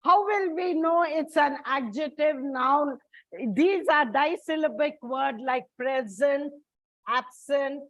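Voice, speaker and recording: A woman's voice: sits high, fairly bright tone, no room sound. A woman teaching English stress rules in a classroom lecture, explaining step by step and calling her students children. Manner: slow, deliberate explaining, addresses students as children. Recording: dull lo-fi dry recording.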